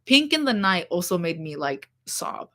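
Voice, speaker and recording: Bright-voiced young woman rambling casually. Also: on the low side, big pitch swings, normal speed. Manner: rambling, many fillers, laughing asides. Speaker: vlogger. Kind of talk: casual chat about music.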